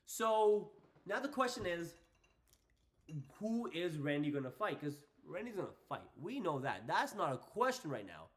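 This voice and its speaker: A young man hosting a casual wrestling predictions vlog, excitable and hyping things up with repeated phrases. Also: a little high, unhurried. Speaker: wrestling channel host.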